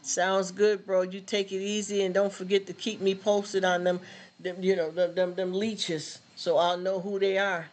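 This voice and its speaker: Casting: man, live stream host, blunt and animated, high voice, street slang. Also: moderate pace. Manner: animated, blunt street talk, repeats words. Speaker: livestream host. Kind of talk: casual live stream chat.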